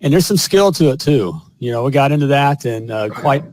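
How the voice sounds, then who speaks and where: A male live-show host in a salesy, upbeat patter, tagging "all right?" onto his lines. His voice sits at an ordinary pitch. The close mic keeps it dry. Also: expressive, a little fast, a little mellow, no room sound. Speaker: podcast host and plumbing business coach. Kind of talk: casual live-stream chat and ad read.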